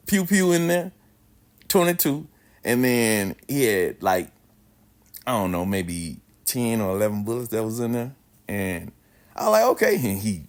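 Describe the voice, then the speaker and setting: A man telling a casual, slangy story with plenty of swearing and a lot of expression. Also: medium pitch. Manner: animated, slangy, swears freely.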